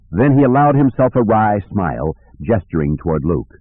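Deep husky man narrating a book. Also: moderate pace, hardly any pauses, dry recording. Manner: expressive storytelling. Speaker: audiobook narrator. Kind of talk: scripted narration. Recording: dry tinny phone-like audio.

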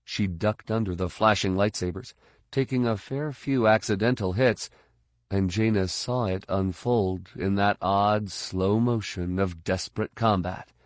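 A man narrating an audiobook in a steady, measured voice. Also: lowish voice, no echo, clean studio sound. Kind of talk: scripted narration.

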